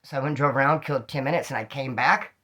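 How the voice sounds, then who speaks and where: Man of middle pitch, slangy street storyteller, lively, plays out every line of dialogue. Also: very fast. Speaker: storyteller recounting street life. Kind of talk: casual storytelling monologue.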